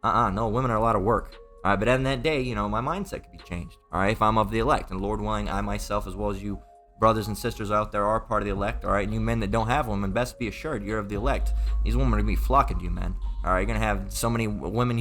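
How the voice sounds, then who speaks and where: Man, low voice, informal sermon, rambling, profane, emphatic, faint background music. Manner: rambling, profane, emphatic, repeats filler tags. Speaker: preacher.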